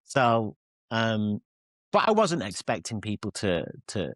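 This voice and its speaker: A man's voice: on the low side, big pitch swings, slow, dry recording. A man in his forties with a Mancunian accent, a guest telling candid, self-deprecating stories in an interview. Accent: Mancunian English. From England. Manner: rambling, self-deprecating, with frequent restarts and acted-out quotes. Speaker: guest, pop singer and author.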